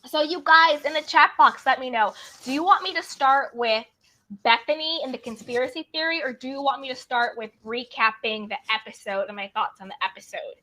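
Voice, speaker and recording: A woman's voice: high voice, fairly quick, pushed and bright. A woman hosting a casual live stream, greeting viewers by name in a bubbly, chatty way. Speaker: livestream host.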